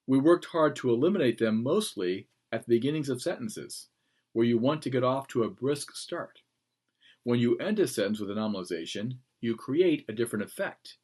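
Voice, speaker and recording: A male teacher gives a lecture on writing. His delivery is emphatic and animated. He leans on key words and slips in playful asides. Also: mid-range voice.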